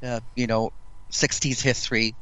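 A man from Canada talks in an easygoing, measured way, often checking in with a quick "right?". His mid-pitched voice sounds close and dry, with no room around it. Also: level tone, pushed and bright, clean tone, dry recording, poor audio. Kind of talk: casual conversation.

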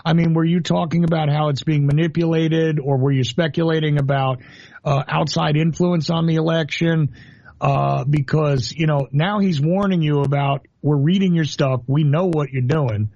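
A man's voice: a little high, creaky, a little mellow, no room sound, muffled recording. A man hosting a talk radio show, asking probing questions in long run-on sentences.

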